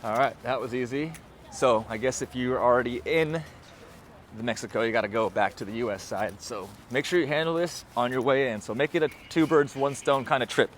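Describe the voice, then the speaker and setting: Man from the United States, casual vlog talk, slangy and easygoing, mid-pitched voice, handheld mic outdoors, faint traffic behind. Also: fairly quick. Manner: slangy and laid-back, peppered with bro and dude. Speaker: vlogger. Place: outdoors at a busy urban border crossing. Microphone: handheld microphone.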